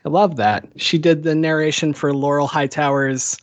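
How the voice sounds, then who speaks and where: Higher-voiced man, dry close sound. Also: steady tone, normal speed, no room sound. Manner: laid-back, joking, swears casually. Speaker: podcast host. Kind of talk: casual conversation.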